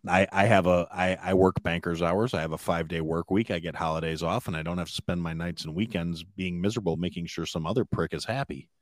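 Low-voiced guy on a podcast, keeps restarting his sentences, dry close mic. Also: steady tone, no room sound. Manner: halting, many restarts, dry. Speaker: podcast co-host. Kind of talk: casual chat.

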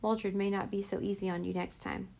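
A woman voicing a conflicted young female helper of a villain in a children's storybook, earnest and softly defiant. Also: mid-range voice, level tone, brisk, vocal fry.

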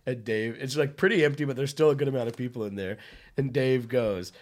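A man co-hosting a podcast in casual chat, telling animated stories with loud impressions and frequent laughter. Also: mid-range voice, a little fast. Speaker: podcast co-host, comedy club doorman.

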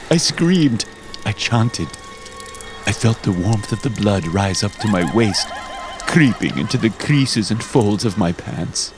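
Guy telling a creepy story, voice swings up and down a lot, music behind him. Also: mid-range voice. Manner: dramatic, expressive first-person telling. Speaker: narrator. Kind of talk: scripted horror story narration.

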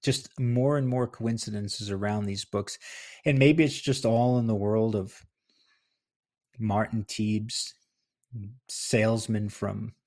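A middle-aged man hosting a podcast, his voice low and gravelly with a husky edge. He tells a story in a casual, rambling way, correcting himself as he goes. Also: a little mellow. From New Jersey. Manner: conversational, rambling, with fillers and self-corrections. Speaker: podcast host and author.

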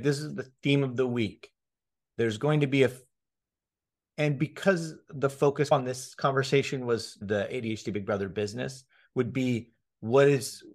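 A man talking on a casual podcast, his voice sitting at a middle pitch. He gets fired up easily, swears freely and keeps restarting his sentences between bursts of laughter. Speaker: podcast host.

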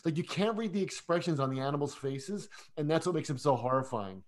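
A man with a slightly higher voice co-hosts a casual chat about films. He talks eagerly and with animation, tripping over himself and repeating words as his thoughts race ahead. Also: lively intonation, brisk. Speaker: podcast co-host. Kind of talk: casual film discussion.

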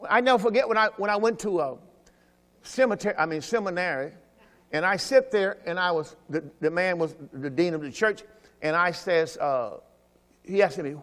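A man pastor preaching a Sunday sermon, swinging between loud exhortation and quiet asides. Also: high-pitched, moderate pace. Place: church during a Sunday service. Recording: long reverb from a church hall.

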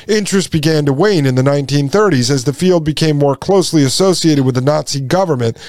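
A man hosting a commentary show, talking to listeners with indignation and repeating his points. He slows down and drops low for emphasis. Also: darkish tone, no room sound, studio quality. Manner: indignant, repeats lines, addresses listeners as folks. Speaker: podcast host. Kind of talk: impassioned commentary.

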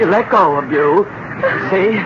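An actor playing a melodramatic, vengeful fashion designer in a radio drama, talking in a grandiose, self-pitying way. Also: male voice, on the high side, slow pace, muffled recording, heavy background noise. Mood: menacing. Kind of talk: 1970s radio drama acting.

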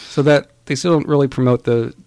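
Co-hosting a relaxed podcast chat about retro video games, a man rambles from point to point with plenty of "um"s and restarts. His gravelly, creaky voice sits at a middle pitch. The recording is close and dry, with no room sound and no echo.

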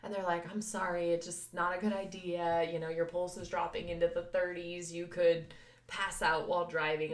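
A young woman co-hosting a podcast, telling a story in a lively way with lots of laughter and acted-out voices. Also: fairly low pitch, normal speed. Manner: animated, laughing, acts out voices of others. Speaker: podcast co-host. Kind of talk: casual storytelling chat. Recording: echoey room.

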